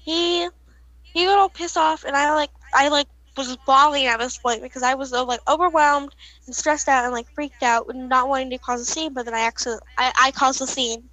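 A woman's voice: high voice, steady tone, brisk, sharp tone, dry recording, low-quality recording. A young woman telling a rambling storytime vlog, with lots of fillers and laughs. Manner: rambling, giggly, frequent fillers. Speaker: vlogger. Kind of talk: casual storytime.

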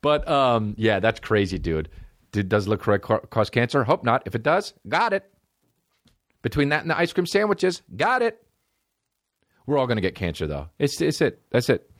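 Rambling, profane man with a lively voice. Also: moderate pace, no room sound, studio quality. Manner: profane, rambling, jumps into high silly voices and laughs. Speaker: podcast host. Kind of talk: casual solo podcast chat.

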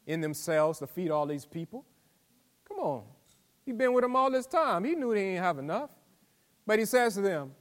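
High-voiced preaching pastor. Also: male voice. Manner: preaching with call-and-response asides and rising emphatic delivery; folksy vernacular speech. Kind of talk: sermon.

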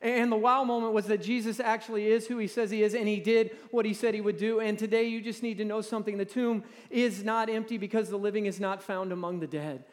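A man in his forties preaching a sermon in a church, talking in a halting, conversational way with repeated words and drawing the audience to respond. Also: high-pitched, fairly even intonation. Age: 40s. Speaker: pastor. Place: large church hall. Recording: long reverb in a large hall.

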